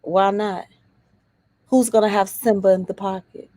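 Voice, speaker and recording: A woman's voice: mid-range voice, fairly even intonation, a little slow, warm tone, dry recording. A woman co-hosting a casual live chat, making short, direct requests. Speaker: co-host.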